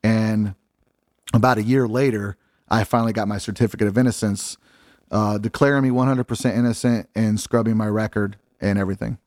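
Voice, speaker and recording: A man's voice: fairly low pitch, fairly even intonation, fairly quick, a little mellow, no echo, clean studio sound. A middle-aged man from Illinois, a podcast guest telling his story in casual, blunt talk, swearing freely and acting out what others said.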